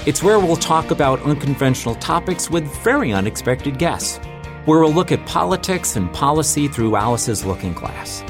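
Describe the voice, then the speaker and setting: A man's voice: a little high, very animated, moderate pace, over music. A man hosting an interview show, delivering an upbeat scripted introduction before interviewing his guest. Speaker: podcast host and interviewer.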